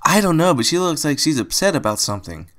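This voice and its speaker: A man voicing small, eager young filly girls in a high, bright put-on child voice. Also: very animated, fast talker.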